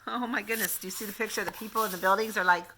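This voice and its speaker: An older woman, a grandmother, reading a picture book aloud to a child in an animated way, stopping to ask questions. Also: medium pitch, racing, slight background noise.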